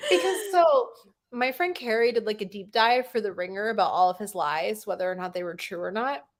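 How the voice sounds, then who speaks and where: A woman's voice: medium pitch, lively intonation, fairly quick. A young woman co-hosting a podcast, chatting casually with lots of fillers and frequent laughter. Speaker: podcast co-host. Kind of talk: casual chat.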